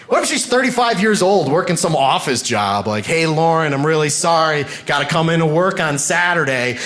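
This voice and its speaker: A man in his thirties doing a stand-up comedy set on a club stage, telling self-mocking stories with bursts of shouted punchlines. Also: fairly high pitch, lively intonation, moderate pace. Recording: noisy live club recording.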